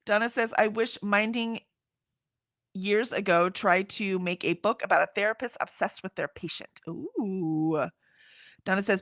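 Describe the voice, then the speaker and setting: In clean studio sound with no echo, a livestream host from Houston, Texas, a middle-aged woman, reads out comments while chatting casually, rambling and laughing. Her voice is mid-range and a bit bright.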